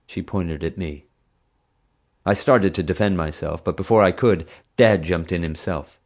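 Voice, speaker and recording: A man narrating an audiobook in a lively, expressive storytelling manner. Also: low voice, unhurried. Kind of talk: scripted narration.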